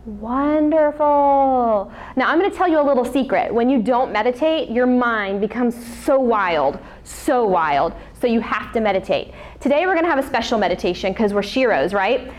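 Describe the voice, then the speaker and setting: A woman teaching a yoga class to children in a bright, coaxing, encouraging way. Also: fairly high pitch, expressive, fast, few pauses. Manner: upbeat, coaxing, talks to children. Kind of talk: guided kids yoga class.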